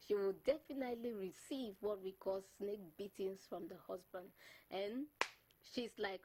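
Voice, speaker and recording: A woman hosting a talk show, animated and laughing often, stumbling and repeating words as she talks. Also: mid-range voice, moderate pace, slight background noise, rough recording. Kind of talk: bilingual talk show chat.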